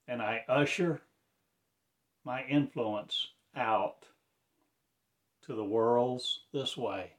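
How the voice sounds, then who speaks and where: Man, spoken-word performer; slow, halting, incantatory delivery in broken preacher-like phrases, mid-pitched voice.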